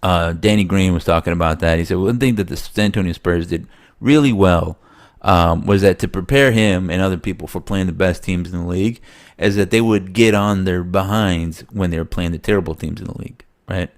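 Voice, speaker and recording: Casting note: low gravelly male podcast co-host, a bit nasal, rambling sports talk. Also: a little fast, few pauses. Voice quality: slightly nasal. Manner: rambling, animated, laughs often. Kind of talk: casual sports chat.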